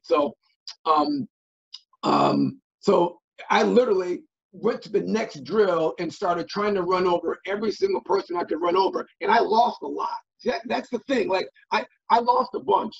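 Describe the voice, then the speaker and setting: Middle-aged guy telling a story on a muffled lo-fi recording, raspy and creaky, keeps restarting. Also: sits high, normal speed. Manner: animated storyteller, frequent restarts and fillers. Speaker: guest, former football player. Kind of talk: casual interview storytelling. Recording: dull lo-fi audio.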